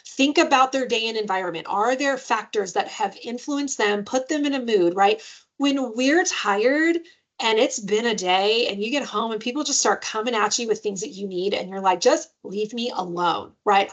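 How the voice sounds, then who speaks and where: A woman giving an informal parenting webinar, speaking conversationally and often checking in with "right?". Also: mid-range voice. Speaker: parenting trainer.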